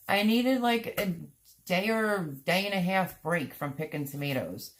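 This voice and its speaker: A woman's voice: mid-range voice, lively intonation, unhurried. A middle-aged woman hosting a gardening livestream, chatting casually and rambling, sounding tired out. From Pennsylvania. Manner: rambling, chatty, many fillers and restarts. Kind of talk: casual live-stream chat reading comments.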